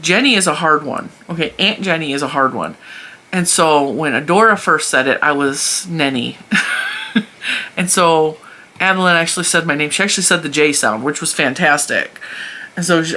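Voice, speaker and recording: A woman in her forties hosts her crochet channel in a casual, rambling chat, laughing often as she goes. Her voice sits a little low but has a bright, forceful edge. She talks into a phone mounted in front of her. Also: moderate pace. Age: 40s. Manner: chatty, laughs often between thoughts.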